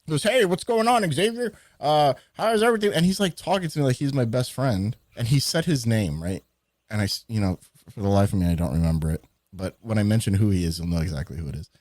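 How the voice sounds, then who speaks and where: A man with a fairly low voice tells his stories with plenty of animation and casual swearing. The sound is close and dry, with no room echo, in a relaxed livestream chat. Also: fast talker. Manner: animated storyteller who swears freely. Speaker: guest telling stories.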